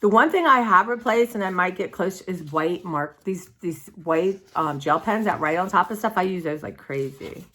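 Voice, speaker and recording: A woman's voice: fairly low pitch, expressive, normal speed, hardly any pauses, bright, forceful tone. A woman, rambling chattily to her viewers in a casual art vlog. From United States. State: sore throat. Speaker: vlogger.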